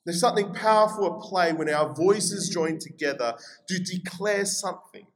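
A man with an Australian accent preaching a sermon in a chatty, energetic way, reading scripture aloud. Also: high voice, moderate pace, poor audio. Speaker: pastor.

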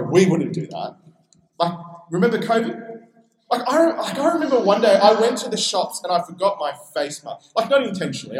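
A man's voice: high voice, reverberant, low-quality recording. A man with an Australian accent preaching a sermon in a conversational way, acting out quoted voices as he goes. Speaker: pastor.

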